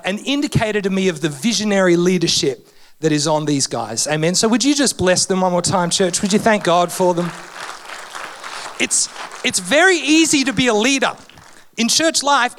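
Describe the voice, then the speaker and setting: A man delivers a sermon in a church. His voice sits fairly high for a man and keeps jumping up and dropping low as he preaches. He mixes humour with heartfelt moments. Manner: animated, humorous, emotional preaching with big pitch swings. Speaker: guest preacher. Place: church hall.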